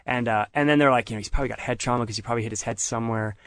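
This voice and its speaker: A man's voice: medium pitch, very fast, no room sound. A middle-aged man telling a story in casual conversation, acting out what other people said. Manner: animated retelling, acts out others' lines. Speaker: podcast guest.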